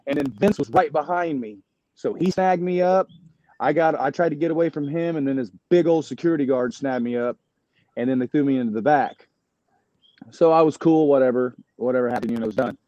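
A fighter recounting a brawl in casual, profane, rambling talk, full of restarts. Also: male voice, mid-range voice, a little fast, warm tone, no echo. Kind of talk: casual storytelling.

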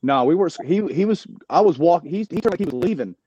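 A fighter recounting a brawl in casual, profane, rambling talk, full of restarts. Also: male voice, fairly high pitch, lively intonation, fast, mellow, husky, dry recording, dull audio. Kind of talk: casual storytelling.

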